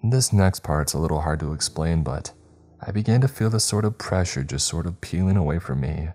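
Very deep-voiced male horror narrator. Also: animated, a little fast, dark tone, slightly rough.

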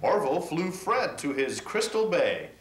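A man recites a rhyming holiday poem in a lively, sing-song way, his voice a touch high. The room around him rings noticeably. A faint hiss sits under the recording. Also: a little slow. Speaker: poem reader in a company video. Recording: echoey room.

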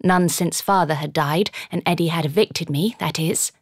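A woman's voice: low voice, moderate pace, dry recording, clean studio sound. A woman narrating an audiobook in the first person, with dramatic storytelling.

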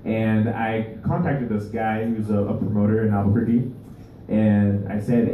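A male stand-up comedian performing a live set, rambling and halting, with many restarts. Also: fairly low pitch, steady tone, narrow, tinny audio, slight background noise. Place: live comedy venue with audience. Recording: echoey room, voice far from mic.

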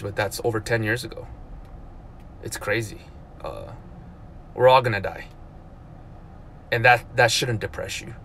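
A man in his thirties talking casually on a live stream, animated and full of "dude" and "like", with loud outbursts and mumbled asides. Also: medium pitch, gravelly, slight background noise. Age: 30s. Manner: lots of "like" and "dude", repeats himself. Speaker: vlogger.

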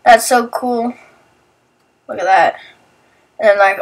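A woman's voice: medium pitch, steady tone, unhurried, pauses often, far from the mic. A young woman vlogger chatting through a casual voice-over, rambling about what her friends are doing. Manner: rambling and chatty, narrating what friends do and acting out their lines. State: sleepy, just woke up. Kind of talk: casual voice-over commentary on video clips.

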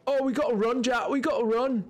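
A man's voice: very high voice, brisk, a little hiss or hum, pitched above the performer's own voice. A man doing a put-on Yorkshire accent as a chatty, easygoing northern English man, staying breezy and unbothered. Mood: mock panic. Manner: breezy, unbothered even in alarm.

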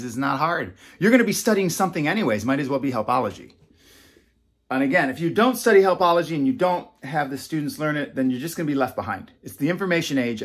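A man in his fifties hosting a casual talk to camera, animated and teasing, dropping from loud bursts to a hush. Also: medium pitch. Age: 50s. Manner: animated, swinging between loud and hushed, teasing. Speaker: self-help author and host.

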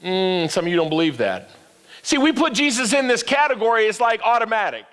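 High-voiced older preacher in a reverberant church. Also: male voice, very animated, brisk, a bit bright. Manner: call-and-response preaching, rising to emphatic peaks. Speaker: pastor. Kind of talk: sermon. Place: church sanctuary.

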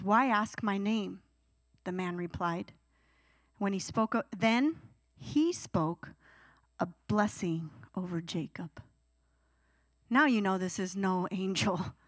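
A woman's voice: mid-range voice, takes it slowly, pauses often, dry recording. A young adult woman preaching a youth sermon, acting out whiny teenage pleas as she goes. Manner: animated, acts out whiny teenage voices. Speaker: youth pastor.

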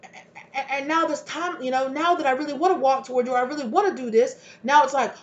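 A woman gives a tarot reading in a relaxed, chatty way, telling it as a story. She acts out each person in it with lively swings in her voice. The audio sounds a little dull and lo-fi. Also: sits high, fast talker. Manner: animated storytelling, acting out voices of people in her stories. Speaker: tarot reader. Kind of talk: casual tarot reading monologue.

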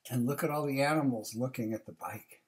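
A woman reading a picture book aloud, pausing for chatty asides to young listeners. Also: a bass voice, a little mellow, slight background noise. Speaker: reader.

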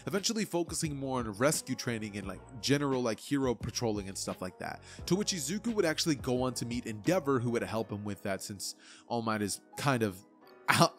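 A young man narrating a fan-made anime what-if story in a casual, rambling way. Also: medium pitch.

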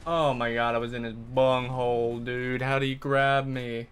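A man's voice: mid-range voice, flat delivery, normal speed, slight background noise. A man streaming live gameplay, venting frustration with sarcastic jokes and swearing while he plays. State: sweaty and worked up. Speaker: gaming streamer.

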